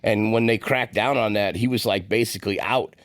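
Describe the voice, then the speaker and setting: A man co-hosting a casual podcast, telling stories in a rambling, quick way on a close mic. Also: fairly low pitch, steady tone, no room sound. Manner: rapid rambling storyteller, acts out quotes. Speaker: podcast co-host. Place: on-site session at a roofing company.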